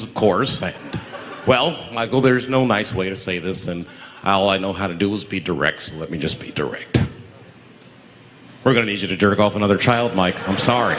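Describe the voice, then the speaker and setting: A man's voice: lowish voice, fairly bright tone, long reverb tail, voice pushed down, lightly acted. A man voicing a formal male government official making an awkward request politely, in a live club recording with audience noise. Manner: slow, formal, apologetic. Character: smooth, deep-voiced male government official, politely direct.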